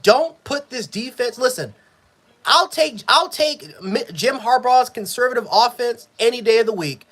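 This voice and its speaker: A man giving a live sports reaction, frustrated and profane, swinging between yelling and low muttering. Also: animated, moderate pace. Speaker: sports fan streamer.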